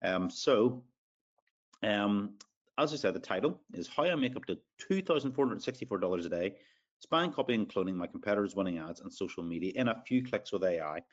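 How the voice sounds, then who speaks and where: A low-voiced man with an Irish accent hosts a live sales webinar. He chats along loosely, fills gaps with ums and uhs, and greets listeners by name. The audio sounds dull and lo-fi. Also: expressive, brisk. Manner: chatty, filler-heavy, reads out audience names. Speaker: webinar host.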